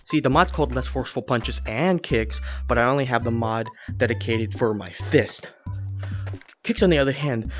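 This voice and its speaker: A man casually explaining moves while playing a game, a bit out of breath, chatty and quick to laugh. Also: mid-range voice. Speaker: VR gameplay creator. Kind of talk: casual gameplay tutorial.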